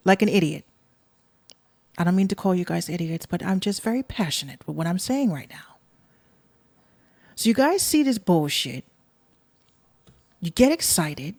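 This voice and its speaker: A woman's voice: mid-range voice, animated, unhurried, pauses often, a little mellow, no echo. Blunt profane Bronx woman podcaster. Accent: New York (Bronx). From the Bronx, New York. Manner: blunt, profane and sarcastic, talking straight to listeners. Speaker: podcast host. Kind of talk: casual podcast rant.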